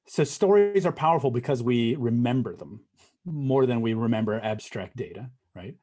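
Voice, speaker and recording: A man hosts a podcast conversation in a relaxed, chatty way, with a voice of middling pitch. He sums up his guest's points and often checks in with a quick "right?". His fillers give it an unscripted feel. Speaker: podcast host. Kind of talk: podcast interview.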